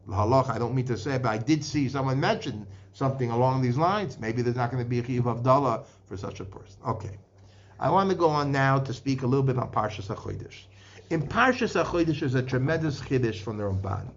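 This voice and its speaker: A man's voice: mid-range voice, animated, fairly quick. A man giving a Torah lecture in English full of Hebrew and Aramaic terms, often restarting and repeating words as he works through the sources. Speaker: Torah teacher. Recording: dull lo-fi podcast recording.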